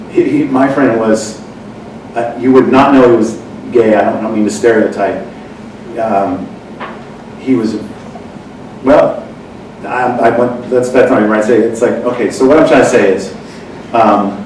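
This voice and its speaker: A man's voice: mid-range voice, moderate pace. Far-off man telling a rambling story. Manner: rambling, self-correcting, animated when quoting others. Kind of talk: casual storytelling chat. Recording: echoey room from far off with noise.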